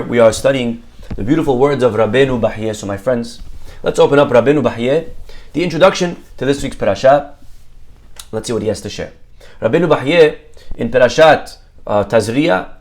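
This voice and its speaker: A man's voice: mid-range voice, darkish tone. Male rabbi, Torah class teacher, engaging and repetitive, quizzes the group. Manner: quizzes listeners and repeats key words, sprinkled with Hebrew terms. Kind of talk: lively Torah lesson to a live group.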